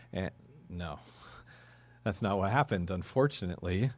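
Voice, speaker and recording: A man's voice: low-pitched, measured pace, long pauses. A man preaching a sermon in a conversational way, with chuckling asides and questions to the congregation. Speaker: pastor.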